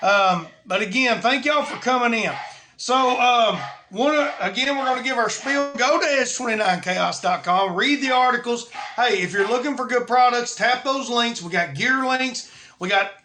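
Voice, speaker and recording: A man's voice: extremely high pitch, normal speed, noisy background. A man hosting a live stream in casual, rambling chat, with many fillers and restarts.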